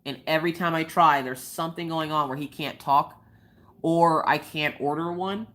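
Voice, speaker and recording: A chatty young woman hosting a casual craft live stream, her voice sitting low for a woman. She giggles a lot and bounces into quoted voices while she tells her stories. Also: steady tone, moderate pace, fairly bright tone. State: recovering from a cold. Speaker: livestream host.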